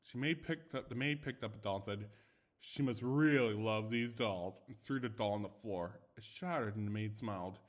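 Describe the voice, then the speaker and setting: A man's voice: on the low side, brisk, few pauses. A young man casually reading ghost stories aloud, chatty and stumbling over words, with asides, recorded without a proper microphone. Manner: chatty, self-commenting, stumbles and restarts. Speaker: story reader. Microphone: no dedicated microphone.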